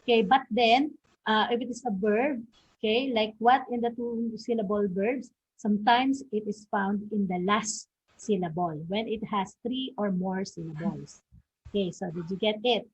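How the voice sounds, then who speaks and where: A woman's voice: medium pitch, normal speed, breathy edge. A woman teacher explains stress and intonation, saying "okay" often and ending points with "no?". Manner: frequent "okay" and "no?" tags, models example words and questions aloud. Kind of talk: recorded online lesson. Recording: dull lo-fi audio.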